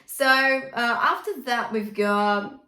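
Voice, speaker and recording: A woman's voice: a little high, steady tone, slow, sharp tone, reverberant, distant mic. A woman coaching a singing lesson, explaining technique and singing lines to show it, encouraging her students with a coaxing "yeah?". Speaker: vocal coach. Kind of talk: singing lesson with sung demonstrations.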